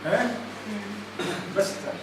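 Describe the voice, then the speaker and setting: A man's voice: a little slow, a little hiss or hum. A man preaching a sermon, emphatic and often questioning his listeners. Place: recovery centre meeting room. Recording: echoey room, mic at a distance.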